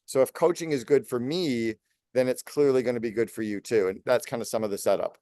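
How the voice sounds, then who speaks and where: A man in his late fifties, a business coach speaking as a podcast guest, talking fast and energetically in long lists. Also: mid-range voice, mellow, no room sound, studio quality. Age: 50s. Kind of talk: podcast interview.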